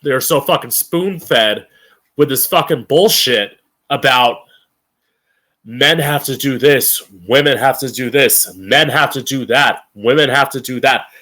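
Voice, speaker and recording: A man's voice: medium pitch, a little slow, bright, forceful tone. A young man hosting a live-streamed opinion show, ranting angrily with a lot of profanity and emphasis. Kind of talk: opinionated rant.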